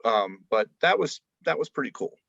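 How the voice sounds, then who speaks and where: A man's voice: mid-range voice, sing-song, moderate pace, creaky, a bit bright, no echo, dull audio. A man chatting casually as a podcast guest, rambling with many fillers and restarts. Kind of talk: casual chat.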